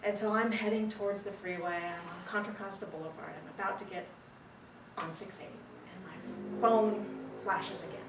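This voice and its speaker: A woman telling a dramatic personal story at a speaking club, animated and pausing for effect. She is picked up from a distance in a roomy meeting room, with faint ambience underneath. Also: mid-range voice, noisy background.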